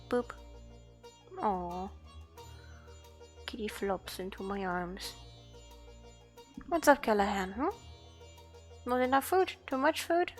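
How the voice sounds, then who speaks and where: A woman streaming a game, chatting softly and cooing to her cat in baby talk. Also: medium pitch, lively intonation, slow, long pauses, faint music behind. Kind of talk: casual game stream chat.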